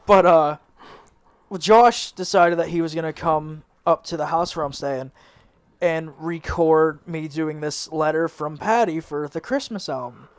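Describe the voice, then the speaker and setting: A man's voice: fairly high pitch, measured pace, clean tone. A man in a band telling a rambling story in a casual interview, laughing and swearing as he goes. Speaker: band member. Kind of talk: casual anecdote.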